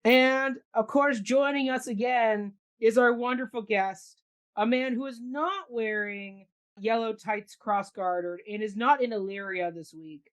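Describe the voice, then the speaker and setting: A woman's voice: a little high, unhurried. A woman hosting a casual arts talk show, introducing guests with enthusiasm. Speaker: host. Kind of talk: casual chat.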